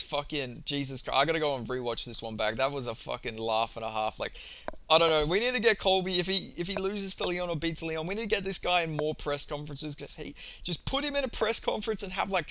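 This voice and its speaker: A man talking through a fight recap in a loose, offhand way, swearing often and wandering between points. His voice sits a little high and sounds bright and forward. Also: low-quality recording. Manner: profane, rambling, offhand. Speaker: MMA YouTuber. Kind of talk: casual recap commentary.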